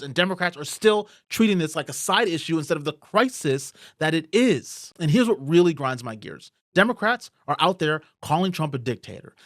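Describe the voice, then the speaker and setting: A fired-up political commentary host delivers an impassioned monologue, his fairly high, slightly bright voice swinging up and down as his anger mounts into outbursts. He swears freely and hammers every point, recorded dry and close with no room sound or echo.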